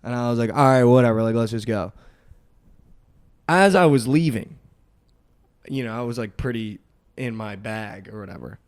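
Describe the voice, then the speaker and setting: A young man telling a rambling party story on a podcast, peppering every phrase with "like". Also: medium pitch. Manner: rambling, heavy use of "like", quick swings in loudness. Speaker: podcast host. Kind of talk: casual storytelling chat.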